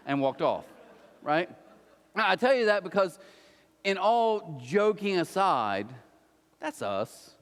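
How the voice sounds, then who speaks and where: A man preaching a conversational sermon who acts out little scenes in quick put-on voices. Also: high-pitched, sing-song, a bit bright. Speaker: pastor. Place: church auditorium. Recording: long hall reverb.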